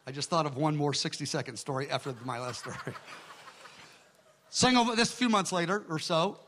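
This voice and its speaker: High, bright-voiced preaching man. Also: slight background noise. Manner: animated, acts out dialogue with quick asides. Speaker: pastor. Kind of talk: storytelling sermon.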